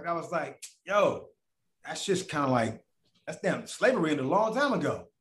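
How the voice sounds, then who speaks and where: Animated man telling stories, echoey room. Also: high voice, normal speed. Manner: animated, profane, acts out voices of others. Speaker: podcast guest. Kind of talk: casual storytelling.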